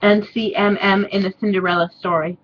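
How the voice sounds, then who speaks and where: Deadpan mocking woman reader. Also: mid-range voice, a little fast, dull audio. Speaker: reader and commentator. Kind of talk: sarcastic dramatic reading.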